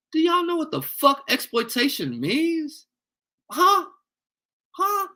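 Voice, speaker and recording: A man's voice: extremely high pitch, wildly swooping pitch, unhurried, pushed and bright. A young man on a heated livestream rant, angry and profane, taunting commenters. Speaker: livestream host.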